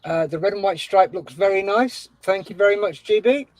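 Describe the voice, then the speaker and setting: A man's voice: sits high, normal speed, no room sound. Cheerful man reading live chat. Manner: cheerful, reads chat comments aloud with laughs. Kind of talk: casual livestream chat.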